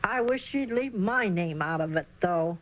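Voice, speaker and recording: A woman's voice: medium pitch, animated, a little slow, dull audio, natural voice. A woman voicing an earnest, eager young boy in a children's storybook reading.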